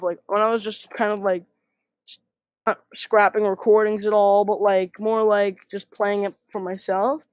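A woman's voice: fairly high pitch, no echo. A woman giving casual gameplay commentary as a YouTuber, rambling and self-deprecating with many fillers. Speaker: gaming YouTuber.

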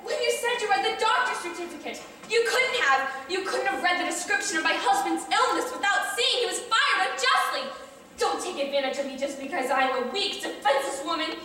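A teenage actress gives a shrill, melodramatic woman who will not leave a bank official alone, her voice soaring very high and swinging wildly in pitch. It is recorded from far off in an echoey school hall with a long reverb, and the voice sounds bright and piercing. Audience laughter can be heard around the lines. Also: very animated, a little fast, slight background noise, exaggerated voice. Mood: indignant. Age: teens. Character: frantic, pushy woman pestering a bank official. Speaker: high school stage actor. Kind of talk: live stage play acting. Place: school auditorium stage.

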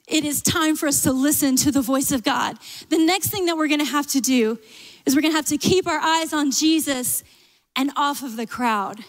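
Southern woman pastor, high bright voice, lively preaching, long hall echo. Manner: lively, animated preaching with humor and asides. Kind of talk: sermon. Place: church sanctuary.

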